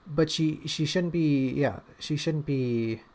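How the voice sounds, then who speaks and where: A man's voice: on the high side, slow, a little mellow. A man talking casually on a livestream about his writing draft, thinking aloud with lots of fillers and restarts. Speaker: writer discussing his draft on stream.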